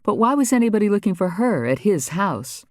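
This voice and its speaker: A male narrator reads a crime thriller at a steady, even pace. His voice sits a little higher than most men's, and the recording is close and dry, with no room sound. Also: fairly quick, no echo. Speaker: audiobook narrator. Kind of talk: scripted narration.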